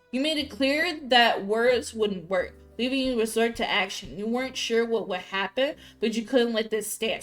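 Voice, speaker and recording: A woman streaming a story game, reading its text aloud and breaking into loud, profane outbursts. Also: fairly high pitch. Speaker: gaming streamer.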